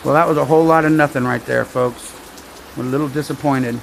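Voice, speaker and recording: Gravelly-voiced storyteller, dry and rambling, with faint rain behind him. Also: male voice, medium pitch, steady tone, fast talker, slight background noise, poor audio. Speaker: storm-watching vlogger. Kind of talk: casual joke-telling livestream.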